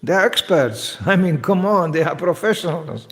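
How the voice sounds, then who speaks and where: A man giving a devotional lecture as a spiritual teacher, lively and joking, often acting out other people's voices. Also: a little high, normal speed, in a large hall.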